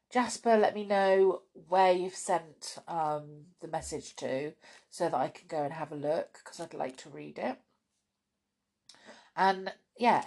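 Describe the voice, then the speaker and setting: A woman hosting a children's story podcast, reading storybooks aloud in an expressive, chatty way with soft asides. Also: fairly low pitch.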